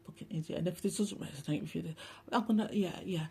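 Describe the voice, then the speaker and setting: A woman's voice: lowish voice, fast talker, gravelly, darkish tone, breathy edge. A woman hosting a rambling, casual spiritual monologue, talking bluntly, swearing often and turning sarcastic. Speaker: spiritual channel host.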